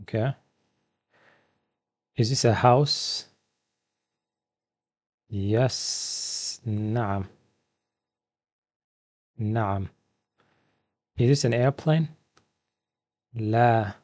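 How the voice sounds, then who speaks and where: A man's voice: fairly low pitch, a little mellow. Man teaching vocabulary off slides. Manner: repeats each word slowly, asks and answers himself. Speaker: Arabic teacher. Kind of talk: classroom vocabulary lesson.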